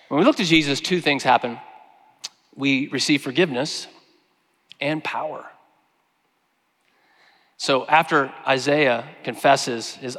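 A man preaching a sermon, earnest, slowing down and growing quiet when he quotes scripture. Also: mid-range voice. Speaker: pastor. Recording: long hall reverb.

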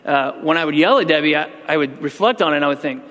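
A man's voice: fairly high pitch, fast, few pauses, a bit bright, long reverb tail. A man pastor giving a sermon, talking conversationally and then building to emphatic outbursts.

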